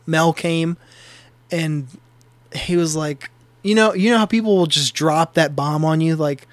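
A man's voice: on the high side, steady tone, moderate pace, no echo. A young man co-hosting a podcast, swearing freely and chiming in during casual chat. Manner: profane, laughs along and chimes in. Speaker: podcast co-host.

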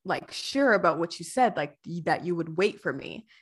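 A woman quoting a gentle, devoted male god of death from a video game, in soft and earnest lines close to her own voice. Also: fairly low pitch, animated, moderate pace, breathy edge. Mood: tender.

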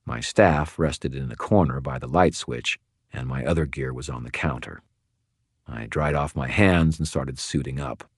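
A man giving measured, even first-person audiobook narration. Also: extremely low pitch, husky, no room sound, clean studio sound.

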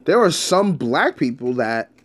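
A man's voice: fairly high pitch, big pitch swings, unhurried, fairly bright tone. A man telling a personal story in a casual monologue. He speaks candidly in streetwise slang, repeating words and restarting his sentences. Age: adult, past his teens.

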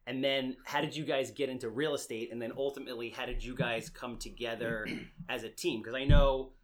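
A man's voice: medium pitch, fairly even intonation, brisk. A man in his thirties with a New York accent, hosting a casual podcast chat in a brash, joking way that is full of swearing. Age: 30s. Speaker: podcast host.

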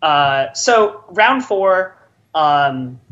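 This podcast co-host speaks extremely slowly in an animated, slightly bright voice on the high side, heard through a muffled recording. He's casually telling friends a long story, rambling and filling it with likes.

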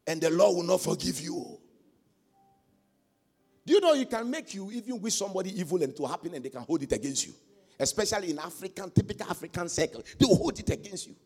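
A man preaching a sermon as pastor, swinging from quiet asides to loud shouted exhortation. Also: high-pitched, animated, fast, breathy edge.

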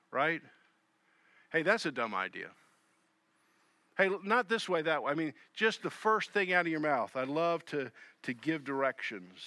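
A man preaching a sermon, acting out the voices of people in his text and swinging between loud emphasis and soft, low asides. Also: no room sound. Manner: animated, acts out voices of Jesus and Peter.

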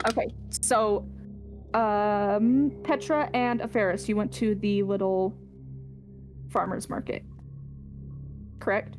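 A woman narrating a tabletop game as game master in a relaxed, hesitant way, with many fillers. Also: mid-range voice, slow pace, pauses often, over music.

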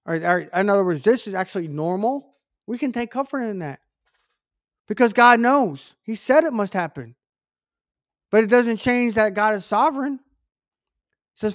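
A man preaches in a high-pitched, earnest voice, mixing scripture with conversational asides and repeated warnings. He stresses key words and often stops to restate himself. The sound is dry and close, with no room echo. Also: lively intonation, normal speed, long pauses. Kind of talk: sermon.

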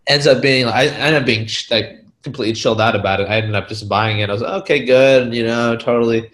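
Guy rambling thru a story, lots of likes and ums, average pitch. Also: fast. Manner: rambling, heavy on filler words, animated retellings. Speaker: real estate investor. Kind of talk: casual storytelling.

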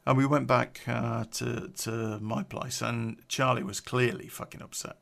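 A man's voice: medium pitch, flat delivery, a little slow, gravelly, a bit bright. A man telling an unedited personal story on a podcast, blunt, sweary and rambling, drinking beer as he talks.

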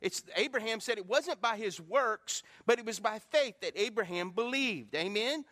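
A man's voice: high voice, lively intonation, normal speed, sharp tone. A man preaching a sermon as pastor, calling out questions to the congregation. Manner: preaching with call-and-response to congregation. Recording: long hall reverb from a church.

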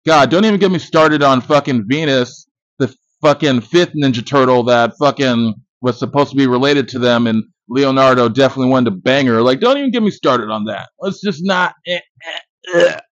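Animated and brisk, this thirtysomething man reviews a movie on his podcast in a profane, jokey, boastful monologue. His voice is mid-range, and the lo-fi recording sounds dull and dry, with no echo.

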